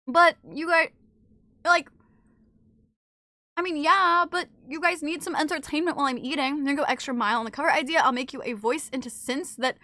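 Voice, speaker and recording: A woman streamer eats while casually chatting with her live chat, animated and swearing freely as she shifts from loud exclamations to low asides. The audio is studio quality with no echo.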